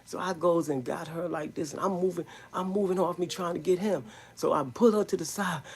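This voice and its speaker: A man telling a rambling story in a live stream, in emphatic street slang, with a gravelly, husky voice. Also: fairly high pitch, a little fast.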